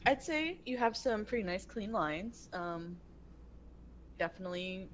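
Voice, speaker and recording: A woman's voice: mid-range voice, lively intonation, measured pace, a little hiss or hum. A woman co-hosting a live art critique stream, chatting in a playful, upbeat way. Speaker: co-host. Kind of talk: casual live-stream chat.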